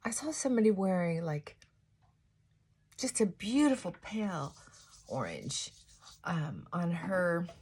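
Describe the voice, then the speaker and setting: Husky woman rambling while doing makeup. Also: fairly low pitch, very animated, slow, long pauses, a little mellow. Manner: rambling, reflective, trailing off. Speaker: vlogger.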